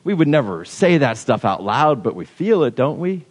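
A man giving a casual, conversational sermon as pastor, with many halting restarts. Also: mid-range voice, sing-song. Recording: long hall reverb.

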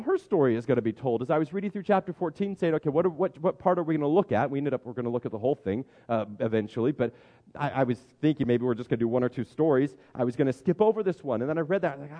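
A man preaching a sermon as pastor, animated and emphatic, often stammering and restarting his words. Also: a little high, fast, muffled recording.

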